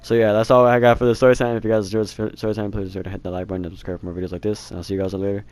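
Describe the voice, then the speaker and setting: A man's voice: lowish voice, level tone, racing, very noisy. A teenage boy telling a rambling storytime, laughing and swearing casually. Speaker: vlogger.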